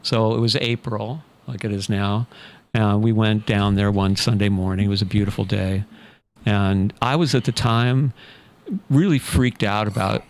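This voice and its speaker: A man telling a long personal story in a relaxed, anecdotal way, full of fillers. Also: on the low side, moderate pace. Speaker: podcast guest, author. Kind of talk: casual storytelling.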